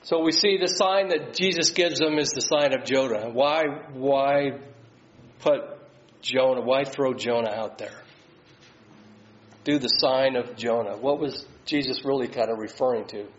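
Leading a Bible study, a man with a medium-pitched, slightly slow voice poses questions to the group and reads scripture aloud. The recording sounds slightly dull.

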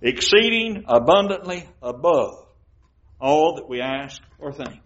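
A man preaching a sermon, reading scripture slowly and putting questions to the congregation. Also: on the high side, sing-song, fairly bright tone. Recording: muffled church recording.

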